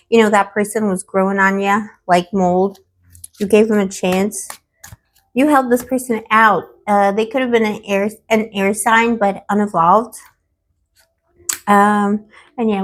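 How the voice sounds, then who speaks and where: A woman with a hoarse, fading voice giving a tarot card reading, affectionate and playful, calling the viewer pet names with dramatic asides. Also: medium pitch. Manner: affectionate, calls the viewer boo-boo and baby. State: hoarse, losing her voice. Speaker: tarot reader.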